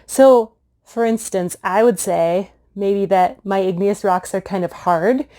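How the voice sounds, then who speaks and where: A young woman hosts a science lesson for children in a bubbly, chatty way. She sounds playful and easygoing, with a voice of ordinary middle pitch. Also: takes it slowly, warm tone. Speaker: science show host.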